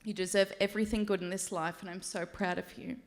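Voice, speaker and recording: A woman's voice: medium pitch, fairly even intonation, quick pace. A woman giving a maid of honor speech at a wedding reception, reading a prepared toast and laughing and tearing up along the way.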